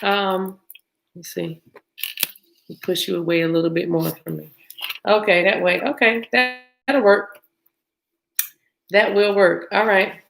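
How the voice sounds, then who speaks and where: A woman's voice: mid-range voice, steady tone, unhurried, creaky, pauses often, a little hiss or hum, low-quality recording. American woman, tarot host, casual chat with viewers, easy laughs, audible clicks under the voice. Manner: chatty, warm greetings to viewers, laughs often. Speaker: tarot reader hosting a live stream. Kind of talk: casual live-stream chat.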